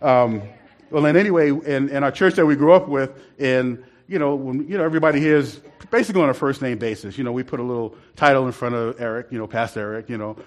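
A man's voice: medium pitch, fast. Chuckling man telling a church story. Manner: rambling, laughs often. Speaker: church member telling a testimony. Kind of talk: casual storytelling.

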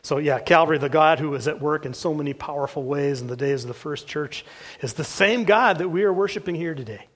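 A male pastor delivers a sermon, reading passages aloud from a book at an earnest, even pace. His voice sits a little higher than most men's, and he pauses now and then with a soft "uh". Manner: earnest, steady reading with filler "uh"s.

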